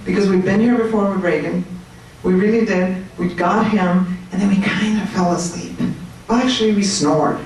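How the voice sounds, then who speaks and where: A woman giving an animated, chatty talk to a room of people, joking with her audience. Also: mid-range voice, moderate pace. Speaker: speaker at a political meetup. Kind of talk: lively speech to a crowd. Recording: echoey room, mic at a distance.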